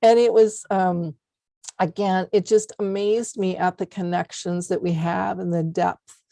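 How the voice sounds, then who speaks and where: A woman's voice: lowish voice, fairly even intonation, a little slow, gravelly, warm tone, no room sound. Earnest woman host, dry close sound. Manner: earnest, heartfelt storytelling, many fillers. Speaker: podcast host. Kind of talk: conversational interview.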